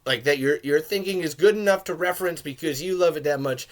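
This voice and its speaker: A man hosting a podcast, giving a rambling, casual film commentary with swearing and sudden shouted jokes. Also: a little high, quick pace. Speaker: podcast host reviewing a film.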